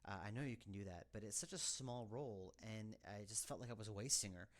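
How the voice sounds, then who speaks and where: A man's voice: fairly low pitch, fairly quick. A man talking through casual developer commentary in a rambling, hesitant way. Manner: rambling, hesitant, full of fillers. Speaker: game developer giving commentary.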